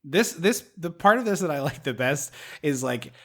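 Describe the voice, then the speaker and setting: A man co-hosting a podcast, chatting casually about a film in an animated, rambling way with many restarts. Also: a little high, moderate pace. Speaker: podcast co-host. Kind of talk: casual movie discussion.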